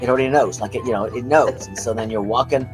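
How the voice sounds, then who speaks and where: A man's voice: medium pitch, quick pace, music in the background, poor audio. Rambling man telling a story. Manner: rambling, animated storytelling with lots of fillers. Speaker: co-host. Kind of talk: casual livestream chat.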